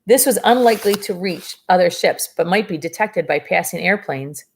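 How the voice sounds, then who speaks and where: A woman's voice: lowish voice, lively intonation, moderate pace, gravelly, a little hiss or hum. A woman reading a novel aloud and breaking off for chatty asides and dry sarcasm about the story. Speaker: reader of a novel. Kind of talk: reading a book aloud with commentary.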